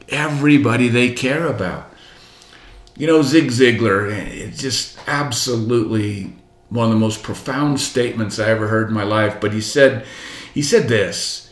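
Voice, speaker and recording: A man's voice: medium pitch, a bit bright. A man in his sixties giving a motivational seminar talk to doctors, emphatic and repetitive, full of rhetorical questions. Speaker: motivational speaker coaching doctors. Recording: roomy echo.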